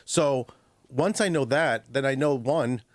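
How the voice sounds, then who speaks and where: Male dog trainer, radio guest, dry studio sound, mid pitch, animated storyteller who slips into voices. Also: dry recording. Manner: animated, acts out dogs and owners in quick voices. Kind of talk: radio call-in advice. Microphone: studio microphone.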